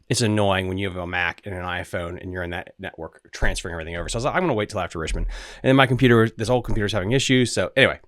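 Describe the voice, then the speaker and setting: A man's voice: lowish voice, dry recording, clean studio sound. A man hosting a casual livestream from his room at home, chatting loosely to his viewers with restarts and asides. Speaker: podcast host. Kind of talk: casual livestream talk to chat. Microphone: desk microphone.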